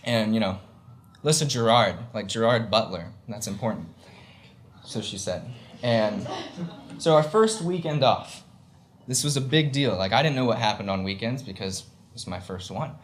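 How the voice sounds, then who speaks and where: A man's voice: lowish voice, moderate pace. A young man from the US, telling a comic story on stage before a live audience, chatty and full of fillers, laughing along as he talks. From Southern United States.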